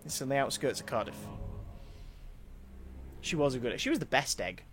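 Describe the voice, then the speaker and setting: Streamer, male, gravelly fry in the voice, chatty rambler with faint music under him. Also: mid-range voice, expressive, moderate pace, a bit bright. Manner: chatty storyteller, rambling with restarts, reads out chat. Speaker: game streamer. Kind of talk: casual live-stream chat.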